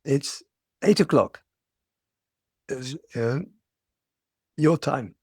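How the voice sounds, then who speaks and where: A man's voice: medium pitch, drawn-out words, darkish tone, breathy edge, no room sound, studio quality. An older man giving a dharma talk as a meditation teacher, reflective and storytelling, often restarting his phrases.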